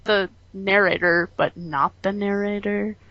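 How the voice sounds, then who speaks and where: A woman's voice: medium pitch, steady tone, a little slow, no echo, lo-fi sound. A woman co-hosting a podcast in casual chat, rambling with lots of fillers and the odd swear over a call. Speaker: podcast co-host.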